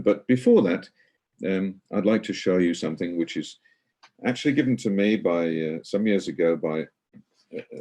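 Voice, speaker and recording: A man's voice: low voice, warm tone. A middle-aged man giving an online guided tour, chatty and explanatory, with many hesitations and fillers.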